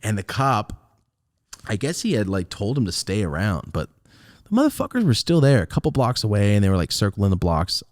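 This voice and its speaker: A young man hosting a podcast, telling a personal story in a casual, profane, animated way with a close, dry sound. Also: a little fast, dry recording. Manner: animated, profane, swinging wildly in pitch. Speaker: podcast host.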